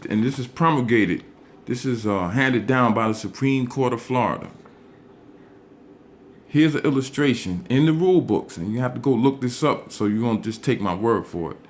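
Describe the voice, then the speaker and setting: Man, mid-pitched, lecturing on legal rules in a measured, emphatic read, with faint hiss behind him. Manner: deliberate, emphatic, repeats key words. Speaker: legal explainer. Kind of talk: instructional talk reading statutes aloud.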